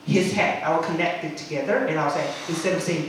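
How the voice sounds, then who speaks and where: A man's voice: fairly high pitch, fairly quick, hardly any pauses, a little hiss or hum. Man, chatty teacher trainer; recorded far off in a very echoey room. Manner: chatty, frequent "okay?" checks, demonstrates chants. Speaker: English teacher.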